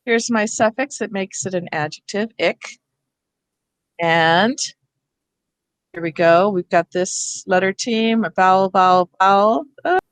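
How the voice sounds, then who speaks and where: A woman coaches teachers through word study, guiding them patiently one step at a time. Her voice sits at a middle pitch and comes through a video call with a dry, close sound. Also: dry recording. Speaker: reading teacher trainer. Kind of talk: teacher workshop instruction.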